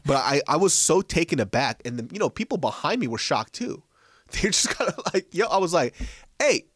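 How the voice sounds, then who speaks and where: A man, co-hosting a podcast and telling profane, animated stories in casual banter. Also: on the high side, fairly quick, no echo, clean studio sound. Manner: profane, animated storytelling with laughter.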